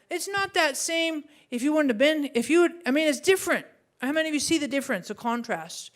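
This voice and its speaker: Middle-aged lady pastor preaching, high voice, chatty and animated with lots of rhetorical questions. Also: brisk. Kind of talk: sermon.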